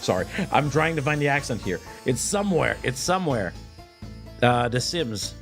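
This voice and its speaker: A man's voice: medium pitch, sing-song, moderate pace, vocal fry, over music. A man streaming a game and joking around in a casual, playful way, often stammering and restarting. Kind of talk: casual let's-play commentary.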